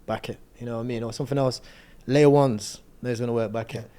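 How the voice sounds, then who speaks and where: Casting: male host, quick slangy talker, mellow dark tone, keeps saying yeah. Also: medium pitch, fairly even intonation, clear, resonant tone. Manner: rapid, slangy, affirms constantly with "yeah". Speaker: podcast host. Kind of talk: casual podcast chat.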